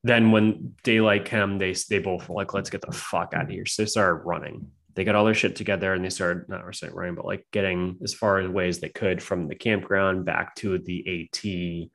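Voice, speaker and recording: Deep, creaky and a bit bright, this man's voice keeps a steady tone and moves slightly fast with few pauses. Appearing as a podcast guest, he shares spooky stories in a rambling, filler-heavy, profane way.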